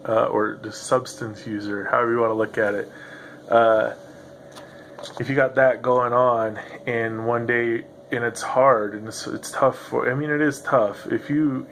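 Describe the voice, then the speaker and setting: A man's voice: mid-range voice, a bit bright, a little hiss or hum. A man hosting a rambling solo podcast, loose and profane, who laughs often as he talks. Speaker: podcast host. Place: home room with a noisy computer. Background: grinding computer fan.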